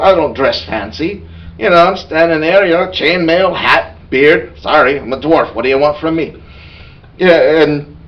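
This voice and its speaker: A man's voice: fairly high pitch, recorded from a distance, muffled recording. A man playing a boastful, bawdy male dwarf warrior who tells a rambling tavern tale in character. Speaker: player telling an in-character story. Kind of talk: in-character storytelling.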